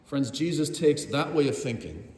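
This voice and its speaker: A man's voice: medium pitch, sing-song, moderate pace, a little mellow. A man preaching a sermon, telling the story vividly and speaking directly to his congregation. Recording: roomy hall with long reverb.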